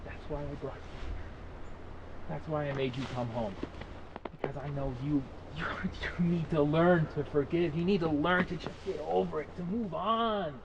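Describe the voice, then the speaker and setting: A man's voice: on the high side, creaky, highs cut off, background noise. Man playing a bitter, pleading estranged brother. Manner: raw, halting, with swearing and restarts. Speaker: actor. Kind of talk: indie short film acting.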